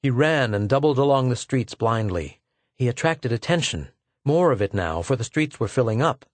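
A man narrating a science fiction audiobook in a measured, scripted style that slows at tense moments. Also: mid-range voice, lively intonation, no echo.

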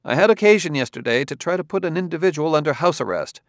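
A man voicing a dogged male Earth detective who presses and cross-examines in a raised, forceful voice, recorded dry. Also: fairly high pitch, animated, quick pace, no echo, pitched above the performer's own voice, close to an everyday voice. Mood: persuasive.

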